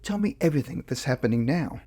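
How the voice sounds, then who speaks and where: Guy doing a calm psychologist asking steady questions, bit husky, interview reenactment. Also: mid-range voice, close to an everyday voice. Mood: steady, probing. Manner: slow, patient, probing questions. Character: calm male psychologist hypnotist questioning patient. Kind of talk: dramatized interview reading.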